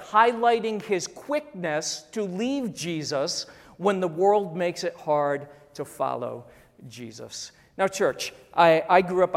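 A pastor in their fifties preaching a sermon emphatically, repeating phrases and dropping to a hush on key words. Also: medium pitch. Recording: long hall reverb.

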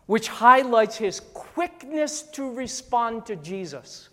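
A pastor in their fifties preaching a sermon emphatically, repeating phrases and dropping to a hush on key words. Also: mid-range voice, big pitch swings, takes it slowly, few pauses. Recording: long hall reverb.

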